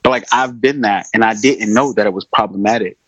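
A man's voice: lowish voice, fairly quick, slightly rough, no echo, dull audio. A man hosting a podcast, speaking in a reflective, thoughtful way in casual chat.

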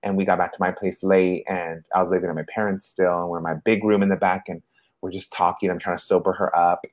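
A man's voice: deep voice, fast. A young man in casual podcast chat, telling a personal story with animation and acting out the other voices in it. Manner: animated storyteller, acts out quoted voices, heavy use of "like". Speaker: podcast co-host.

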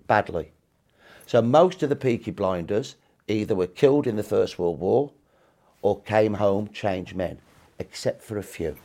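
Low-voiced emphatic older male historian. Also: gravelly, warm tone. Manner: emphatic, punchy short clauses. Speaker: historian guest. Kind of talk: storytelling history interview.

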